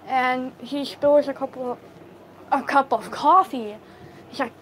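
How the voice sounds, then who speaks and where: A woman telling a story casually to live viewers on her phone, halting, with many fillers and restarts. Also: high voice, fairly even intonation, a little hiss or hum, rough recording. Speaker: livestream storyteller.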